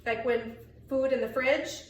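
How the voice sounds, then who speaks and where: A woman's voice: high voice, measured pace. A woman co-hosting a casual family vlog, playful and teasing in tone. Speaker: vlog co-host. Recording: echoey room, mic far off.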